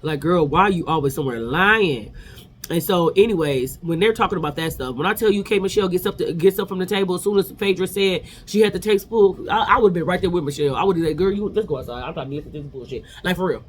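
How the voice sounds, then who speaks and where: Man, high-pitched, quick, sassy, animated, casual vlog recap. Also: slight background noise. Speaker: vlog host.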